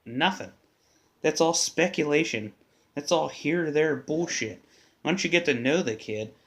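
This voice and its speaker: A man's voice: on the high side, expressive, moderate pace. A man hosting his own sports podcast from his basement, talking casually and bluntly, swearing and muttering to himself as he fiddles with his setup. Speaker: podcast host. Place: home basement.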